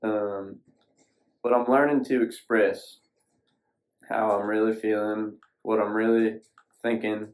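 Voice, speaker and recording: Solo podcast host, male, lowish voice, loose folksy ramble, some cussing. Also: flat delivery, slow pace, pauses often, a little mellow, poor audio. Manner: folksy, rambling, casual swearing. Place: sitting alone at a screen.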